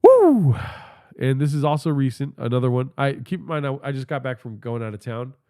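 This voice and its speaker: A man's steady, quick, darkish voice of medium pitch carries his podcast livestream as he tells stories. His style is rambling, casual and profane, and he speaks into a phone held in his hand through a stuffy nose.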